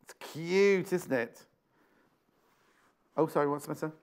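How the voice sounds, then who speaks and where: A man's voice: fairly high pitch, measured pace, smooth. A British man presenting a live TV shopping show, chatty and exclamatory, repeating prices and phrases. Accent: British English.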